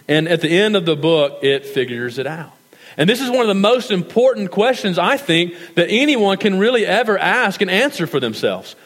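A male pastor preaching a sermon in a church, earnest and measured, slowing down for scripture and prayer. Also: a little high, animated, a bit bright. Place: church sanctuary. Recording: reverberant hall.

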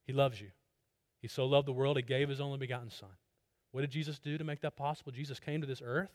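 A man preaching an evangelistic sermon, at times loud and urgent, at times soft and pleading. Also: mid-range voice, fairly even intonation, fast.

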